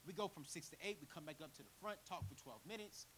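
Animated, high-voiced preacher man telling a story. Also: fast talker, slight background noise. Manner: animated storytelling, building to loud fervent preaching; acts out voices of people in his story. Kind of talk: storytelling sermon.

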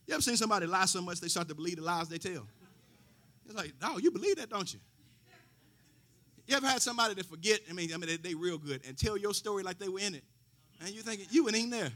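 A middle-aged pastor delivers a sermon in a fairly high, bright, forceful voice. He swings from loud preaching to hushed asides, dropping in folksy stories along the way.

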